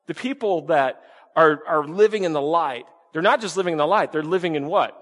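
A male pastor preaches an emphatic sermon in a slightly high, fairly bright voice at a somewhat quick pace. He repeatedly poses rhetorical questions to his listeners and repeats key words for emphasis. Each phrase is followed by a long reverb, like the sound of a large hall.

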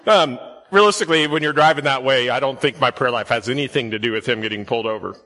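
A man's voice: medium pitch, fast talker, pushed and bright. A man preaching a sermon in a church, telling stories in a chatty way and asking the congregation questions. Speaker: pastor. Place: church sanctuary. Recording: long hall reverb.

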